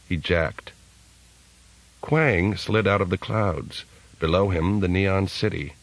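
A man narrating an audiobook in a steady, measured way. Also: deep voice, low-quality recording. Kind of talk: scripted narration.

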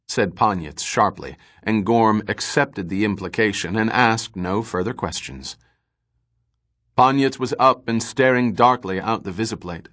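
A man narrating a science fiction story in measured, even storytelling. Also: fairly low pitch. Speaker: audiobook narrator. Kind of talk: scripted narration.

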